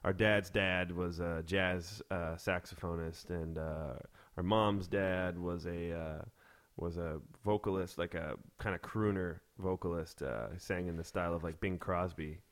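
A man speaking as a guest in a relaxed interview, his voice sitting a little low. He laughs easily and circles back over his words with fillers and restarts. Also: a little slow, hardly any pauses. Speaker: musician guest. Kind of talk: casual interview chat.

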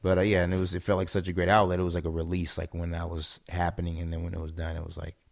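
Deep-voiced laid-back young man. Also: monotone, very fast, gravelly. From Seattle. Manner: laid-back and rambling, lots of filler words, laughs often. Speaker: guest. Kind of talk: casual podcast chat.

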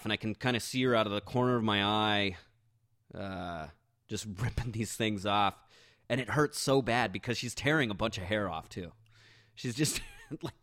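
A man's voice: mid-range voice, a bit bright, no room sound. Guy rambling through a funny story on his podcast, mid voice, dry close sound. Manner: rambling, self-mocking, many restarts. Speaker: podcast host. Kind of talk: casual storytelling monologue.

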